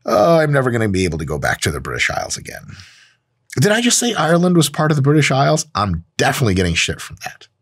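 A man's voice: mid-range voice, fast talker, breathy edge. A man hosting a reaction video as an exercise scientist, joking and swearing constantly. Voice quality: profane, joking, animated. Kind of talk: reaction commentary.

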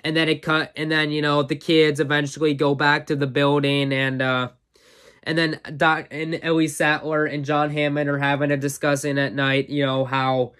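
A man's voice: a little high, flat delivery, normal speed, a bit bright, smooth. A man casually recapping a favorite movie as a reviewer, rambling and full of fillers, an eager fan. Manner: rambling plot recap, full of "uh" and "you know"; enthusiastic fan, chuckles often.

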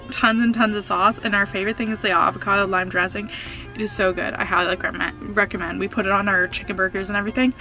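A woman's voice: medium pitch, fairly bright tone. A young woman chatting casually for her vlog from a car, rambling with fillers and little laughs. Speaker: vlogger.

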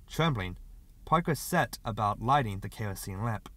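A man reading a short story aloud as an audiobook narrator, in expressive scripted narration. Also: fairly low pitch, moderate pace, no room sound.

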